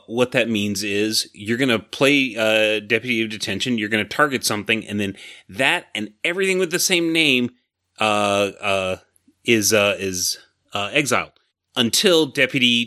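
Bright-voiced man explaining game rules. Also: on the low side, animated, moderate pace. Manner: rambling, self-correcting, chuckles often. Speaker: podcast co-host. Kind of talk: casual rules discussion.

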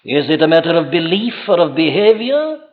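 A man's voice: fairly high pitch, sing-song, a little fast, big-room sound, phone-quality sound. A man preaching an evening sermon, earnest and insistent, pressing rhetorical questions on his listeners. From Wales.

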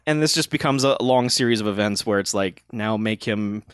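A man's voice: on the low side, fairly quick, clean tone, no echo, clean studio sound. A man chatting casually about a movie, blunt and sarcastic, laughing often and swearing freely. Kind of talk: casual movie review chat.

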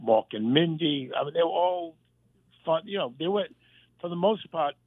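A man, a former sitcom writer and warm-up comic, telling lively anecdotes in a casual interview and acting out the voices he quotes. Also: a little high, normal speed, dry recording. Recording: dry phone line.

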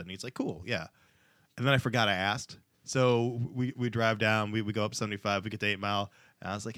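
A man's voice: fairly low pitch, brisk, pushed and bright, dry recording, clean studio sound. A young man telling a rambling story in casual podcast chat, laughing and padding his talk with fillers.

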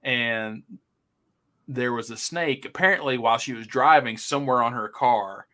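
A man's voice: mid-range voice, moderate pace, pushed and bright. A man co-hosting a podcast, telling rambling stories in casual chat with lots of fillers. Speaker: podcast co-host.

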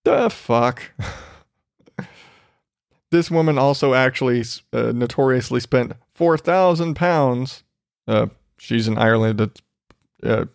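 A man's voice: medium pitch, creaky, no echo, studio quality. A man hosting a podcast in a casual monologue, ranting with lots of swearing and laughter. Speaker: podcast host.

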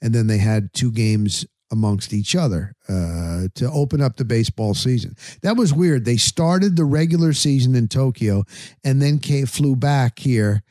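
A man's voice: medium pitch, moderate pace, a little mellow, no echo, studio quality. A middle-aged man hosting a sports talk show, telling a story casually and acting out his own thoughts in quotes. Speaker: sports radio and podcast host.

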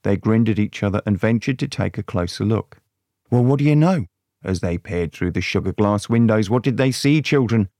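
A man's voice: lowish voice, a little fast, hardly any pauses, a little mellow, no echo, clean studio sound. A man narrating a crude mock fairy tale in a sardonic way. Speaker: storyteller.

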